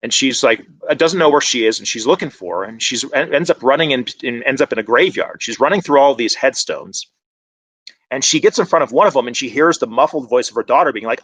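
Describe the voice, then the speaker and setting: A man presents to an online conference, talking in a loose, conversational way that keeps picking up energy. His pitch sits in an ordinary middle range. The sound is dry and close, with no room around it. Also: fairly quick, dry recording. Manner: conversational and animated, many fillers.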